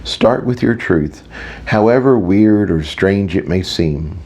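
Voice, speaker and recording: A dry British mentor speaks slowly and evenly in a deep, low register, as a man reads him in an audiobook. His advice is measured and unhurried. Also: expressive, darkish tone, slightly rough, heavily acted. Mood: calm advice. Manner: measured, advising.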